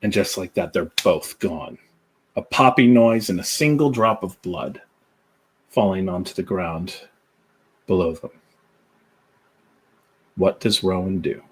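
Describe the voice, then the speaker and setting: A man running a tabletop role-playing game, narrating scenes slowly and deliberately. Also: deep voice, slight background noise. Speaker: game master.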